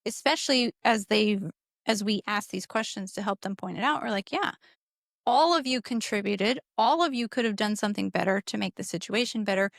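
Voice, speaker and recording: A woman's voice: fairly high pitch, fairly quick, gravelly, no room sound, studio quality. A woman co-hosting a parenting podcast in casual talk, direct and emphatic, jumping in to add points. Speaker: podcast co-host.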